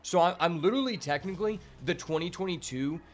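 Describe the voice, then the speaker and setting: A man's voice: high-pitched, fast. A young man streaming a card game, chatting casually and rambling with lots of fillers and swearing. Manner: rambling, laid-back, heavy on fillers and swearing. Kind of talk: casual gameplay commentary.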